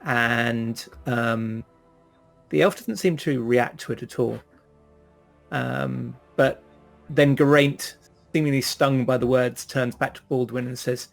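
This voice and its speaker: A man narrating a tabletop game as game master in a relaxed, halting way. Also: mid-range voice, vocal fry, faint music behind.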